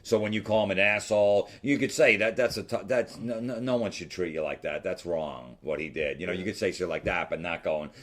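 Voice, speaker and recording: A man's voice: deep voice, fairly quick, hardly any pauses, fairly bright tone. A middle-aged man hosting a podcast, telling a long personal story in casual chat, acting out quotes and swearing freely. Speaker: podcast host.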